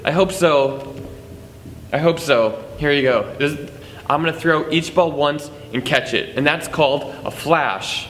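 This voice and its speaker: A man's voice: fairly high pitch, unhurried, fairly bright tone. Jokey man teaching juggling. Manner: jokey, chatty, self-deprecating, counts throws aloud. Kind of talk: casual tutorial to camera. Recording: long reverb, faint background noise.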